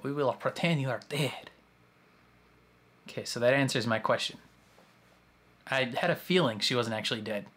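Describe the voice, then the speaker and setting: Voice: mid-range voice, moderate pace, pauses often, slight background noise. A host reacting to a movie in casual commentary, chatting and speculating about the plot as it plays. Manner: lively, chatty running reactions to a film. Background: film soundtrack playing faintly.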